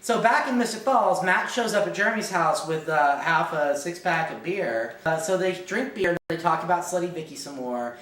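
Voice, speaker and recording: A man's voice: on the high side, moderate pace, few pauses, fairly bright tone. A man co-hosting a casual TV recap with a dry, offhand delivery. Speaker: co-host recapping a TV episode. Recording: echoey room, mic at a distance.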